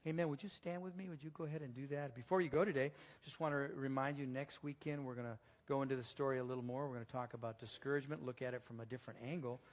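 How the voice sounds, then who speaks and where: A man's voice: mid-range voice, fairly even intonation, fast, few pauses, long reverb tail. A male pastor preaching a sermon, telling stories in a conversational way with frequent restarts. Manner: storytelling, conversational, with many restarts. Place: church sanctuary.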